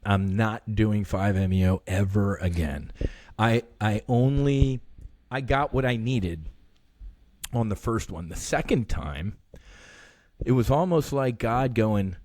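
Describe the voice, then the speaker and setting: A man in his fifties, a podcast guest telling a personal story in an earnest, halting way, often restarting his sentences. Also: on the low side, a little mellow, no room sound. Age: 50s.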